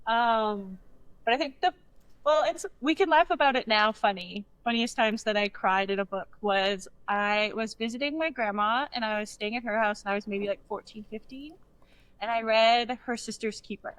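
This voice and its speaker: Woman co-host, higher voice, dry close sound, lively. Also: moderate pace, clean tone, no room sound. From Canada. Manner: lively, laughing storyteller. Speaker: podcast co-host. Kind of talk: casual chat.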